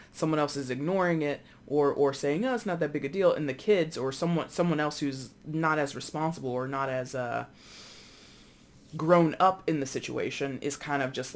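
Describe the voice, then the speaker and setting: A tarot reader giving a casual, rambling reading with many asides. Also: medium pitch. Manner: chatty, rambling, animated with frequent asides.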